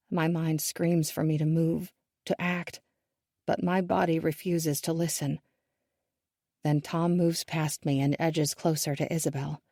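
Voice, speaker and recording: A woman narrating a first-person thriller audiobook in a measured, hushed and tense manner. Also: on the low side, creaky, no room sound, studio quality.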